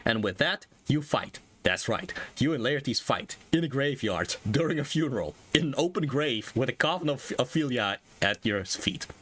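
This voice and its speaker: Male streamer, casual read-through with commentary, mid pitch, frequent chuckles. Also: animated, moderate pace, few pauses, fairly bright tone. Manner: chuckles often, trails off into fillers. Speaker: streamer playing a text game. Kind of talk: reading a game aloud with casual commentary.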